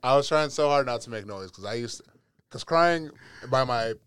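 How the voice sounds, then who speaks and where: A young man, a podcast guest, chatting casually and telling animated stories with playful voice impressions. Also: medium pitch, normal speed, clean tone, dry recording, clean studio sound. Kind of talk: casual chat.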